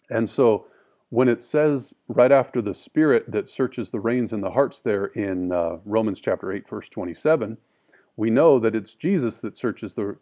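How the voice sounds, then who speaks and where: A man teaching a scripture study. He reads verses slowly and with emphasis, then explains them in plain, casual talk. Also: fairly low pitch, a little mellow. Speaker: Bible teacher.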